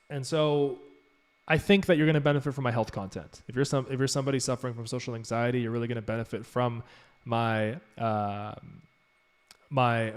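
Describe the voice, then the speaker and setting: On a live stream, a middle-pitched man acting as a business mentor reads out viewers' questions and answers them casually. He sounds upbeat and loose, rambling along with plenty of fillers, restarts, and self-corrections.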